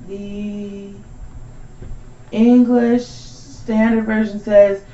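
A woman's voice: mid-range voice, unhurried, darkish tone. A woman joins a Bible study discussion from a roomy-sounding space, and her voice comes through dull on the call audio. She speaks thoughtfully, passing along what others in the group have said. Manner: thoughtful, relaying others' comments. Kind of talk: group discussion, reading aloud.

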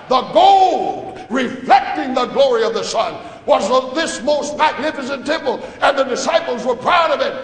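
A male preacher with an unusually high voice delivers a dramatic sermon, shouting one moment and dropping to quiet asides the next. His voice rings through a large, echoing church hall with a long reverb tail. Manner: dramatic, emphatic preaching that swings between shouting and hushed asides. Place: church sanctuary.

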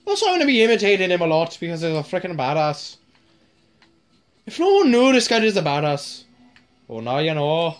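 A woman's voice: lowish voice, big pitch swings, a little fast, long pauses. A woman giving casual, sweary commentary while playing a zombie game. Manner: casual, swears often, drawls. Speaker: gamer. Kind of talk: gaming commentary.

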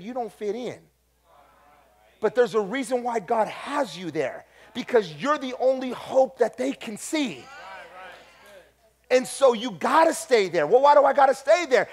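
Male pastor, high voice, preaching, animated, quiet asides and shouted points. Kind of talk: preaching a sermon.

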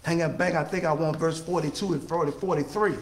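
A man's voice: a little high, fairly even intonation, fast, reverberant. A man preaching a sermon with call-and-response, stretching out his key phrases for emphasis.

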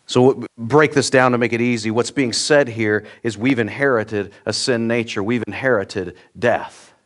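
Earnest male pastor preaching. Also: normal speed. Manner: earnest, direct, repeats words when starting a thought; swings between loud emphatic peaks and quiet low asides. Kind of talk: sermon. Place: church.

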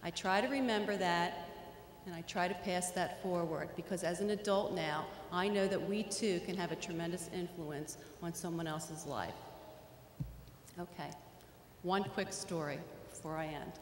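A woman's voice: fairly low pitch, moderate pace. A middle-aged woman telling a personal story in an earnest speech, with small stammers, in a large hall. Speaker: hall of fame inductee giving a speech. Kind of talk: acceptance speech. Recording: echoey hall, long reverb, faint noise.

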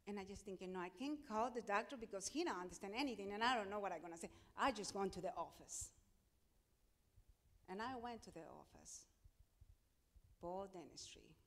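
A middle-aged woman pastor with a Spanish accent delivers her testimony from the pulpit, acting out each exchange with strong emphasis. Her voice sits in an ordinary middle range. A long reverb trails her words through the church sanctuary. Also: medium pitch. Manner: emphatic storytelling, acting out quoted dialogue. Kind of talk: testimony in a sermon.

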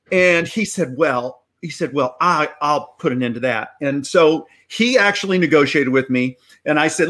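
A middle-aged actor telling a long anecdote as a guest, animated and acting out the dialogue. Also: male voice, on the high side, normal speed, few pauses. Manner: animated, acts out dialogue in quotes. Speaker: actor guest on a reunion show. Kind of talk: anecdotal storytelling.

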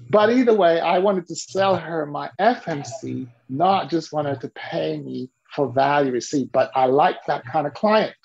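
Gravelly animated male storyteller. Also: on the high side, measured pace, hardly any pauses, dull audio. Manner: animated, acts out quoted voices. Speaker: business mentor. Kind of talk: storytelling to an interviewer.

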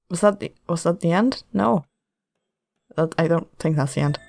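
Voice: medium pitch, moderate pace, creaky, a little mellow, no echo, studio quality. A gamer hosting a let's play, chatting casually, joking and self-mocking while playing. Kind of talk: casual gameplay commentary. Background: game music.

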